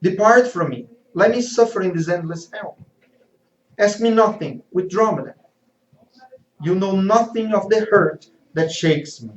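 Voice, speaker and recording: A tormented, remorseful man cries out in bitter, loud declamation, as a male lecturer voices him. The voice is raised in pitch and drawn out slowly. It sits in a roomy, somewhat muffled hall recording. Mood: anguished, bitter. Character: anguished, remorseful man shouting in despair. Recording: echoey, slightly dull hall recording.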